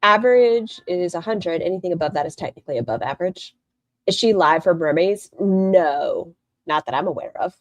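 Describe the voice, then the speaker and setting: A woman's voice: on the low side, animated, moderate pace, no echo. A woman hosting a live stream, giving blunt, sarcastic reaction commentary and swearing freely.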